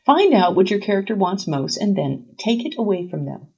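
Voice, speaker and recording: Woman reading as a wry writing teacher, blunt, brisk, mellow tone, storybook reading. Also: mid-range voice, very animated, gravelly, husky, muffled recording, exaggerated voice.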